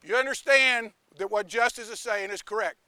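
A man voicing Wisdom as a calm male mediator who reasons softly and patiently. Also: high-pitched, moderate pace, clear, resonant tone, dry recording. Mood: reasoning.

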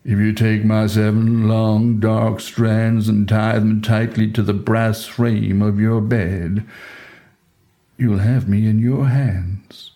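A man voicing a proud, boastful strongman lover, speaking calmly and teasingly. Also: fairly low pitch, takes it slowly.

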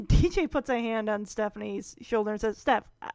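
A woman chats through a sitcom episode, slipping into the characters' lines as she goes. Her voice sits fairly high. The sound is dry and close, with no room around it. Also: moderate pace, hardly any pauses, no echo. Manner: animated retelling, acts out characters' lines, laughs often. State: choked up. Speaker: show recapper. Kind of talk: casual episode recap.

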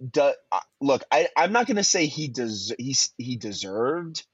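A man co-hosting a podcast, reviewing films in casual, profane, excitable chat. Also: medium pitch, unhurried, slightly rough, no echo, muffled recording. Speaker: podcast co-host.

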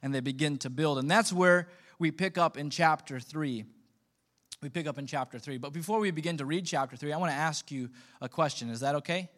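A man in his thirties preaching a relaxed, conversational sermon as pastor, full of joking asides to his congregation. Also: a little high, brisk.

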